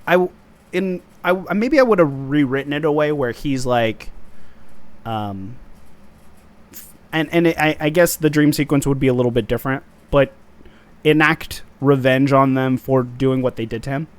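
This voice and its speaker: A man hosting a casual TV review podcast, retelling scenes with lively acted-out quotes and frequent laughter. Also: medium pitch, normal speed. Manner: animated, acts out quoted lines, laughs often. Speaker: podcast host reviewing a TV episode.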